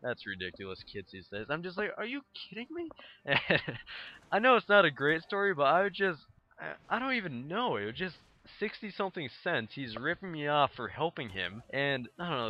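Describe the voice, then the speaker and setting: A man's voice: fairly high pitch, pushed and bright, muffled recording. A young man casually telling a rambling story over gameplay footage, full of fillers and acted-out quotes. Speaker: gaming video host.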